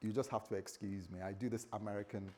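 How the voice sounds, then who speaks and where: A British man, a pastor, preaching a sermon in a conversational, humorous way that swings between hushed and loud. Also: on the low side, fairly even intonation, fast, slightly rough. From Britain. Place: church.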